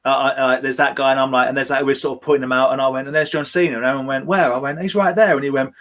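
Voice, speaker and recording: A man co-hosting a casual toy livestream, telling stories in a rambling, animated way with many restarts. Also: mid-range voice, rapid-fire. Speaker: toy show co-host.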